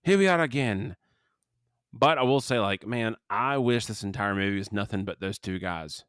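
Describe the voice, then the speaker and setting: A man's voice: lowish voice, fairly even intonation, normal speed, fairly bright tone, smooth, dry recording, clean studio sound. A man co-hosting a podcast, chatting casually about a movie, rambling and restarting his sentences, with the hiccups. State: has the hiccups. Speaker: podcast co-host. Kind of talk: casual movie review chat.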